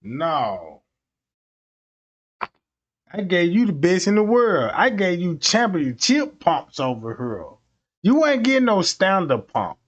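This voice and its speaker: A man's voice: high voice, takes it slowly, pauses often. A man livestreaming, telling stories casually in heavy street slang and acting out the voices of the people in them. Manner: animated, acts out voices of people in his stories. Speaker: livestream host.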